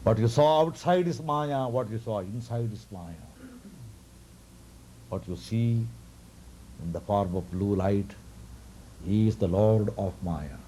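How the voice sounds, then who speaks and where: A man voicing a divine child-god who speaks of himself as the universal truth, low, hushed and solemn, in a devotional story. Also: takes it slowly, long pauses, slight background noise. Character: divine cosmic child-god, calm and majestic.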